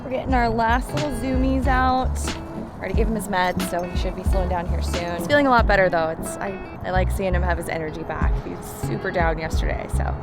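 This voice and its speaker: A young woman vlogging casually, chatty and emotional, cooing at her dog in a high voice. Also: fairly even intonation, fairly quick, loud music behind the voice. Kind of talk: casual vlog talk to camera.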